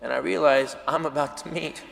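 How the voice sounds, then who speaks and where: A man telling a self-mocking story as a stand-up comedian, animated and jumping into acted quotes. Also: a little high, a little fast, gravelly. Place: comedy venue with live audience. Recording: live room with reverb and audience noise.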